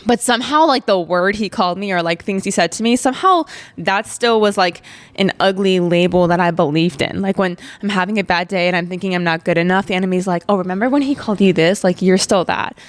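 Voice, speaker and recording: A woman's voice: fairly low pitch, brisk, no room sound. A young woman podcast host, telling a personal story in a chatty way, full of "like". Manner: chatty, heavy on fillers like "like".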